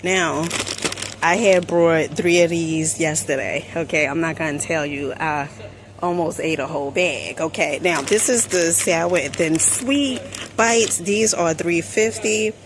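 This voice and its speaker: A woman from New Jersey chatting through a store haul vlog, sassy and quick with asides, calling viewers honey. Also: sits low, noisy background. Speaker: shopping haul vlogger. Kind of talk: casual product review vlog. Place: inside a store.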